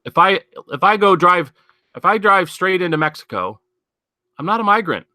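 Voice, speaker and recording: A man's voice: sits high, animated, normal speed, bright, forceful tone. A man hosting a casual news commentary show, rambling and sardonic, thinking aloud with many fillers and asides. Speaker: podcast host.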